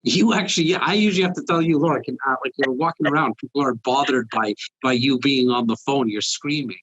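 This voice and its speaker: Loud, energetic man hosting. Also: mid-range voice, quick pace, breathy edge, dry recording, dull audio. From Canada. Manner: loud, energetic, repeats words while thinking. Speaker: podcast host. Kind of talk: casual podcast chat.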